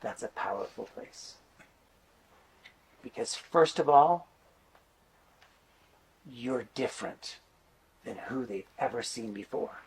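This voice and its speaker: A man's voice: medium pitch, slow pace, long pauses, husky. A middle-aged man giving a conference talk, telling stories in a chatty way with lots of fillers. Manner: animated, chatty storyteller with many fillers. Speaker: conference speaker and teacher.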